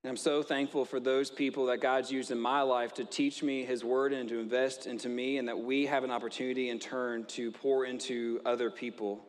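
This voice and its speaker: A man's voice: medium pitch, level tone, brisk, hardly any pauses, big-room sound. A male pastor giving a sermon in a conversational way, mixing stories and light jokes.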